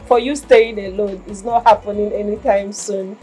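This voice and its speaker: A woman's voice: medium pitch, steady tone, moderate pace, dark tone, soft background music, close to an everyday voice, poor audio. An actress playing a polite young housemaid who reassures her employer, in a film. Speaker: maid. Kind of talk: film acting.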